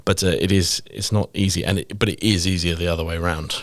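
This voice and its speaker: A British man in his forties, an actor, talking in a relaxed, rambling and self-deprecating way with many fillers. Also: low-pitched, fast talker, no room sound, clean studio sound. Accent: British English. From England. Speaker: guest actor. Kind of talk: casual interview chat.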